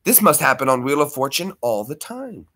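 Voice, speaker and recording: A man's voice: mid-range voice, sing-song, moderate pace, bright, forceful tone, breathy edge. A man hosting a casual live stream from home, chatting with viewers, greeting them by name and laughing easily.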